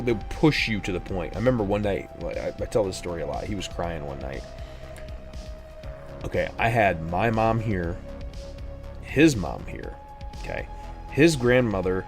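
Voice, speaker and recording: A young man telling rambling stories as he chats during a game stream, breaking into exasperated outbursts. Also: deep voice. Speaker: gaming streamer. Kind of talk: casual chat while gaming.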